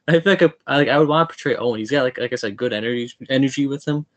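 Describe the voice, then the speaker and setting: A man's voice: medium pitch, very fast, no echo, lo-fi sound. A man hosting a podcast interview, eager and chatty, often repeating himself. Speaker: podcast host. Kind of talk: casual interview.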